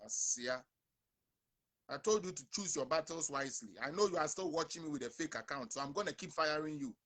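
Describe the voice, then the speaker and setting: Ghanaian male host, young adult, bright forceful voice, slightly high, emphatic and repetitive livestream rant. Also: lively intonation, a little fast. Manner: emphatic, repetitive, addresses viewers directly. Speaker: online show host. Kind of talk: livestream rant mixing English and Twi.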